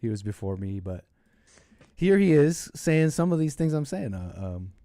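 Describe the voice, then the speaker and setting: A man's voice: medium pitch, sing-song, normal speed, dark tone, no room sound, clean studio sound. A man hosting a casual political livestream, rambling and hesitant, often breaking off mid-sentence. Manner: rambling, hesitant, self-interrupting. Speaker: stream host.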